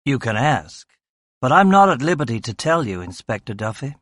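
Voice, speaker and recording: A man's voice: medium pitch, sing-song, normal speed, fairly bright tone, no room sound. Smug breezy american guy around forty, midwest accent w a bit of southern, narrator putting it on, dry close mic. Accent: Midwestern American with slight Southern lilt. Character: cheerful evasive American male official, about forty. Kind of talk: audiobook character voice.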